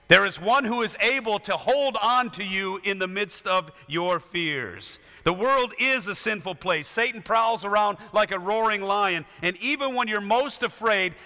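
A man preaching a sermon in a storytelling way, swinging between loud emphasis and hushed passages. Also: high-pitched, big-room sound.

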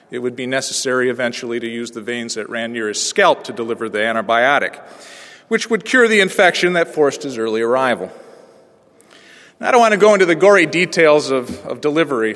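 A pastor in his forties preaching a sermon through a personal story, moving from hushed, quiet passages to ringing proclamation. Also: mid-range voice, normal speed. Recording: long reverb of a large hall.

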